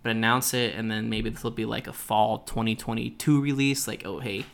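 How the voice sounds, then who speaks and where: A man's voice: fairly low pitch, fairly even intonation, fairly quick, creaky, a bit bright, clear, resonant tone. A man hosting a podcast alone, speculating in a casual, loose way. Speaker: podcast host. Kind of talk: solo podcast commentary.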